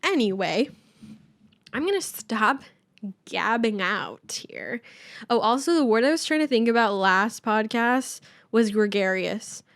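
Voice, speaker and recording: A breathless young woman hosts her own casual solo podcast, rambling, mocking herself and swearing freely. Her voice is a little high and bright with lively intonation and a slightly slow pace, recorded on a camera mic yet sounding clean, studio-like and free of room sound.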